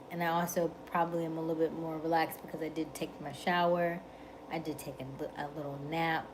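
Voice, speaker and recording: A woman in her late thirties hosting a livestream, talking with viewers in a calm, methodical, relaxed way. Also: deep voice, noisy background. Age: 30s. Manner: calm, methodical, unhurried delivery. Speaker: livestream host.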